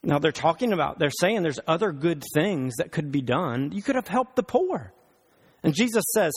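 A male pastor preaching a sermon, animated and emphatic, with rhetorical questions. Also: on the high side, normal speed, slightly rough.

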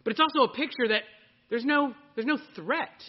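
Male pastor, high and animated, sermon to a live congregation, muffled lo-fi sound. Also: brisk. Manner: animated preaching, questioning the congregation.

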